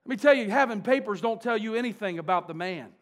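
A high-voiced man preaches a sermon at a quick pace, pressing his points with fervent force before dropping into quieter, conversational asides. His delivery is expressive throughout.

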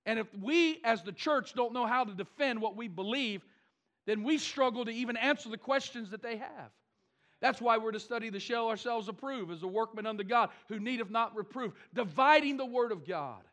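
Man preaching, high voice, animated, wry asides. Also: moderate pace. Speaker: pastor. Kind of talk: sermon.

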